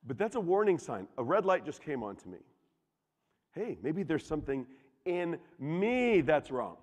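Guy preaching, animated, jokes with the crowd, voice swoops up and down, echoey hall. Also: a little high, normal speed. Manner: animated, jokey, asks the congregation questions. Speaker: pastor. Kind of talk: sermon. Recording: reverberant hall.

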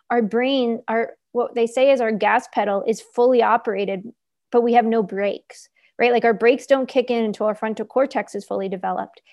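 A woman's voice: a little high, a little mellow. A woman speaking as a guest, teaching in an earnest, explanatory way and often checking in with "right?" and "like". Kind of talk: conversational teaching.

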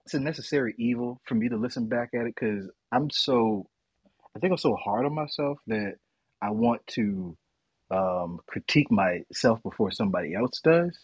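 A man co-hosting a podcast, chatting casually as a reflective, lively storyteller. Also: mid-range voice, normal speed, breathy edge, no room sound. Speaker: podcast co-host. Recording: dry, dull lo-fi sound.

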